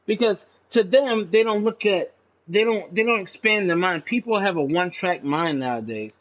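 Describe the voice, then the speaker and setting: A man talking in a casual, rambling monologue to his channel, profane and agitated, saying "man" a lot, with his pitch jumping up when he gets indignant. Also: moderate pace. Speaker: channel host. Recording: dull lo-fi recording.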